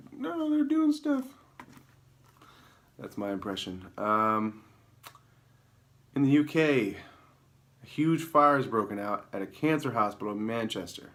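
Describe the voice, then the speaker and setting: A man hosting his own comedy show alone on camera, rambling through news headlines with deadpan, self-mocking asides. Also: fairly low pitch, a little slow. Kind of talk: improvised comedic news rundown. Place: alone in a room, talking to camera.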